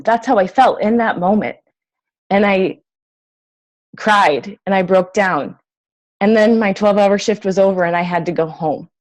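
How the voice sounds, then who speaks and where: A woman's voice: medium pitch, darkish tone. A young adult woman, a health coach, telling an emotional personal story to an audience in a heartfelt, earnest way.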